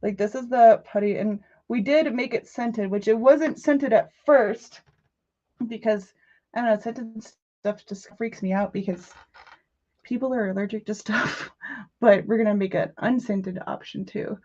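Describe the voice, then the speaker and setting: A woman's voice: a little high, unhurried, darkish tone, dull audio. A woman hosting a casual crafting livestream from her home in the country, chatty and jokey with her viewers, often breaking into giggles. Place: rural home.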